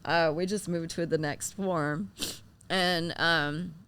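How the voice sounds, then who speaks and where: Hesitant woman with a lowish voice. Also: fairly even intonation, takes it slowly, clear, resonant tone. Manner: hesitant, many fillers, soft laughs. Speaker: podcast co-host. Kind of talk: casual podcast chat.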